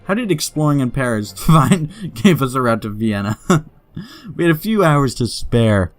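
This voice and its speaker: A man playing a story game, reading its text aloud and chuckling, then dropping quick casual asides. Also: mid-range voice, animated, soft background music. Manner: giggly, laughs often while reading; reads story passages slowly, then mutters quick asides. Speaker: let's play gamer.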